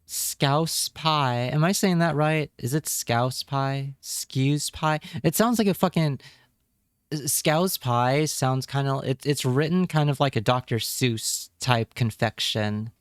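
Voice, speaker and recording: A man's voice: mid-range voice, measured pace, no room sound, studio quality. A man streaming live, chatting casually with his viewers and reacting with wry remarks and repeated words.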